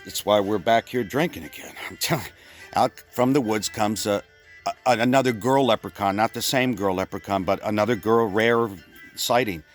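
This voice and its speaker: A man from Pennsylvania telling a rambling comic story, full of stumbling restarts and deadpan exaggeration. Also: fairly low pitch, moderate pace, faint music behind. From Pennsylvania, USA. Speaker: comedian.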